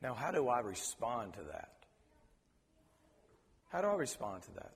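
A man preaching a sermon, earnest and halting, often repeating words as he searches for them. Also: mid-range voice, sing-song, vocal fry, in a large hall. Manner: preacher quoting scripture in reverent tones. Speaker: pastor.

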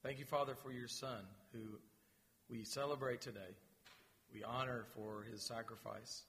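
A man leading his church in announcements and a spoken prayer, gentle and pausing, with repeated words. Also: medium pitch, flat delivery, slight background noise. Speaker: pastor. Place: church sanctuary. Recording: long reverb of a large hall.

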